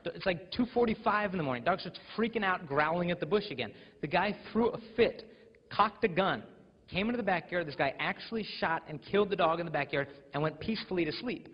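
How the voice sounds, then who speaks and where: Animated young American man, husky, echoey hall. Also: high voice, a little fast. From United States. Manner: animated storytelling, mimics voices. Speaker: school speaker. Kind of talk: live motivational talk to teens. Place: school auditorium. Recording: echoey hall, dull lo-fi sound.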